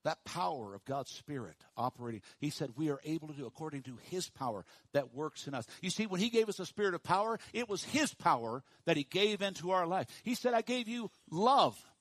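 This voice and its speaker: A pastor preaching a sermon to his congregation, dropping to hushed, slow emphasis and rising to loud, high calls for the room to repeat after him. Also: animated, no echo. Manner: swings from hushed low emphasis to loud high call-and-response.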